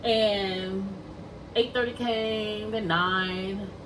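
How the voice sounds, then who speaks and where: Woman, casual storytime vlogger, mid pitch, slightly distant mic, faint background noise. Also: fairly even intonation, drawn-out words. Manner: chatty, addresses viewers as y'all, acts out quoted dialogue. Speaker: vlogger telling a personal story.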